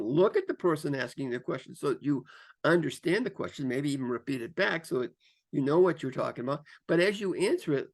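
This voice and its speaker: Gravelly-voiced man coaching with lively emphasis. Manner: lively, shifts pace and pitch for emphasis; repeats phrases, frequent fillers. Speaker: career coach. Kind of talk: instructional talk to camera.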